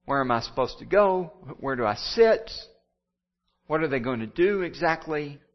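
A pastor briefly voicing a nervous first-time church visitor who asks one anxious question after another. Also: male voice, a little high, expressive, normal speed, highs cut off.

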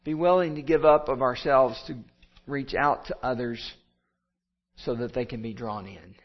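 A man's voice: mid-range voice, moderate pace, muffled recording. A pastor giving a sermon, building his points through repeated phrases and rising appeals.

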